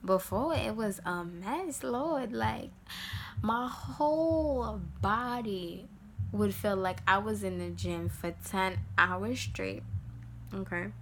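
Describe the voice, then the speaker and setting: A woman's voice: medium pitch, takes it slowly, slight background noise. A young woman giving casual life advice to the camera, emphatic and repetitive, sometimes dropping to a whisper. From United States. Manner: emphatic, repeats lines, dips into whispers.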